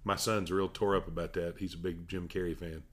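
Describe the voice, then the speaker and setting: Guy, middle-aged, bright tense voice, chatty storyteller doing all the quotes. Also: low voice, little pitch movement, fairly quick. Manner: storytelling, laughs often, acts out quotes. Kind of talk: casual chat.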